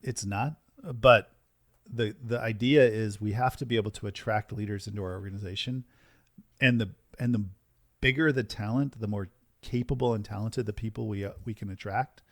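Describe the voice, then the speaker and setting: Low-voiced, emphatic male podcast host. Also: normal speed, no echo, studio quality. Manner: energetic, emphatic, repeats "right?" and "like". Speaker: podcast host and business coach. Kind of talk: casual podcast conversation.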